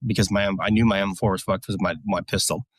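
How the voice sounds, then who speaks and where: Veteran guest, male, lowish voice, dry sound, profane plain-spoken storyteller. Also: fairly even intonation, quick pace, breathy edge, no room sound. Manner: profane, blunt war stories with many fillers. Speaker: podcast guest, military veteran. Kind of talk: casual storytelling.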